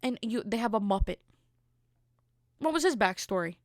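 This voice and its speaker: A woman's voice: a little high, animated, moderate pace, no room sound, clean studio sound. Exasperated rambling woman podcast host. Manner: rambling, exasperated comic rant with many fillers. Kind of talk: casual comedic chat.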